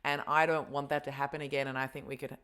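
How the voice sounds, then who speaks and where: A woman's voice: very deep voice, flat delivery, fast talker, fairly bright tone, smooth. A woman hosting a podcast, talking frankly and supportively, laughing along. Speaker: podcast host. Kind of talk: casual chat.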